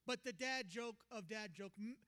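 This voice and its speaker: A young man preaching a sermon as pastor, telling a story with animated, acted-out quotes. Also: high voice, normal speed. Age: young adult.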